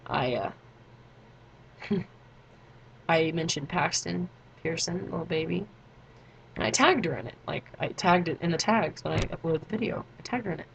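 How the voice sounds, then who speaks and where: A woman's voice: on the low side, normal speed, vocal fry, pauses often, slight background noise, rough recording. A teenage girl vlogging in a rambling, chatty way, full of fillers and side notes. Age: teens. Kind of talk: casual chat to camera.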